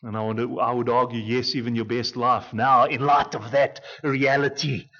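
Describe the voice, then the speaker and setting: A man preaching an expository sermon as pastor, emphatic, with dramatic swings between loud, pleading lines and hushed ones. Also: mid-range voice, little pitch movement, normal speed. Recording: dull lo-fi recording.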